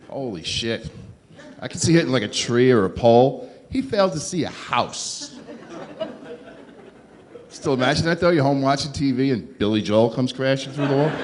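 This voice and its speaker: A stand-up comic working a club crowd. He is sarcastic, with dry, deadpan asides, and sits at a middling pitch for a man. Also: background noise. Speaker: stand-up comedian. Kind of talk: stand-up comedy set. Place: comedy club stage.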